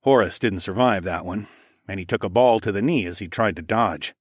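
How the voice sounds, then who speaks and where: A man narrating a first-person fantasy audiobook, lively and casual, giving the characters their own voices. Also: fairly low pitch, brisk, breathy edge, dry recording, studio quality.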